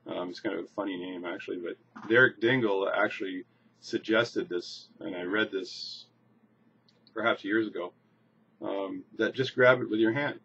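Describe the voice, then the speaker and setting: A low-pitched man walks through a coin trick in a relaxed, informal way, often repeating words as he demonstrates. The recording is a bit muffled, with a faint background hiss. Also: normal speed. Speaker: magician teaching a coin trick. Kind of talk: casual demonstration tutorial. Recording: slightly dull lo-fi recording with faint noise.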